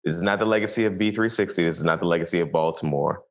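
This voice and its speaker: A male interviewer with a very low voice asks his questions deliberately, leaning on key words. The audio is somewhat muffled. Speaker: interview host.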